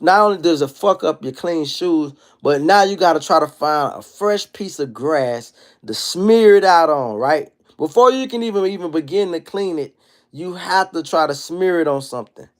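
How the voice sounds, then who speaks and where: Animated, profane man in his thirties. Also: on the high side, normal speed. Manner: animated, profane street storytelling. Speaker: livestream host. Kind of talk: casual livestream monologue.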